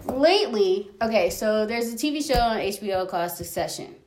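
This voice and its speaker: Woman co-host, casual chat, rambling with frequent laughs, mid pitch, echoey room. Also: expressive, brisk, a little mellow. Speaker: podcast co-host.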